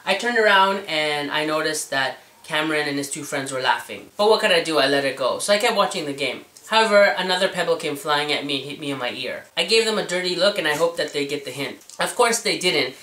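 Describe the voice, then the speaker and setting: A man's voice: fairly high pitch, animated, a little fast, hardly any pauses, bright, forceful tone, far from the mic. A man in his forties with a girly, whiny voice, vlogging a self-deprecating, chatty story. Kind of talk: storytelling vlog. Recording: echoey room, away from the mic.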